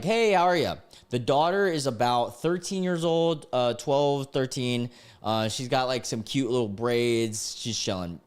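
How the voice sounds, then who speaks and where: Rambling male streamer telling a story. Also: mid-range voice. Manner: rambling, many fillers and self-corrections. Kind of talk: casual storytelling on a livestream.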